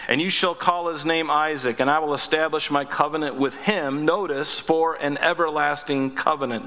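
A man's voice: on the high side, sharp tone. A man preaching a sermon, reading scripture aloud and breaking in with his own asides. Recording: long reverb of a hall.

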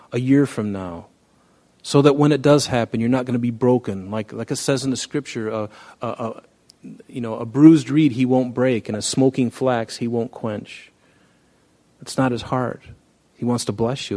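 A man's voice: medium pitch, darkish tone. A male pastor preaching a conversational sermon, now and then acting out quoted dialogue.

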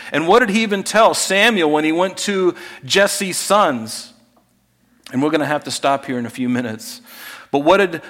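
A man preaching a sermon as pastor, conversational, dropping to hushed asides and rising to emphatic points. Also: on the high side. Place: church sanctuary. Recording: long hall reverb.

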